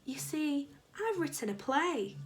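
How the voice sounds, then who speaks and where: A woman's voice: high-pitched, sing-song, a little slow, voice pushed up. A woman reading aloud, voicing a prim, theatrical female teacher who loves dropping in French words.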